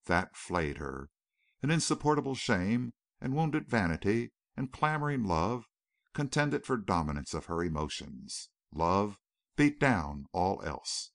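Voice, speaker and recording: Expressive low-voiced male audiobook narrator. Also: a little slow, gravelly, no room sound, studio quality. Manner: dramatic, expressive novel reading. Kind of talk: scripted narration.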